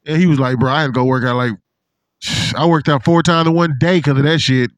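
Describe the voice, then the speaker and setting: A man in casual chat with a friend, an animated, profane storyteller who acts out what others said. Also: medium pitch, quick pace, no room sound. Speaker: podcast co-host.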